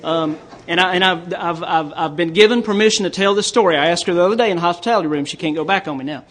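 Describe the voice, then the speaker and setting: A man's voice: high voice, quick pace, a bit bright. A man from Tennessee with a Southern US accent, giving a folksy recovery talk at a conference and telling jokes with frequent stammered restarts. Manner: folksy storytelling with joke punchlines. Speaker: AA speaker.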